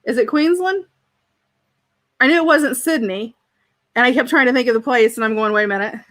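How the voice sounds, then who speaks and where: A woman's voice: a little high, fairly quick, fairly bright tone. Chatty woman hosting a craft livestream. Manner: chatty, friendly, laughs easily, reads viewers' comments aloud. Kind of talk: casual chat with live viewers.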